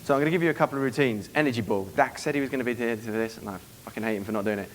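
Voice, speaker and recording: A quick, rapid-fire man running a live seminar, swearing freely and slipping into snippets of acted dialogue. His pitch sits in an ordinary middle range. A faint hiss of noise sits under the talk. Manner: brash, profane, acts out quoted dialogue. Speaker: dating coach giving a seminar.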